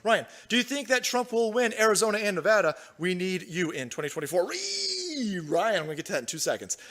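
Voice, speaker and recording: A man's voice: high voice, fast, fairly bright tone. A young man hosting a livestream, ranting profanely about politics and reading out viewer chat. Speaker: livestream host.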